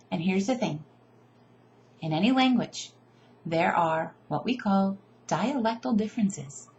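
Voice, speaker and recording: A woman teacher casually explaining how she teaches silent letters, chatty and animated with playful asides. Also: medium pitch, moderate pace, slight background noise. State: tired. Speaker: teacher giving teaching tips. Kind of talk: casual instructional video.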